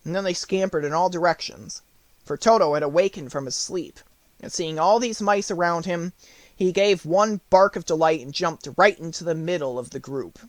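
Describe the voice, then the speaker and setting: A man reading an audiobook aloud with lively, animated storytelling. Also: fairly high pitch, normal speed, no echo. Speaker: audiobook narrator.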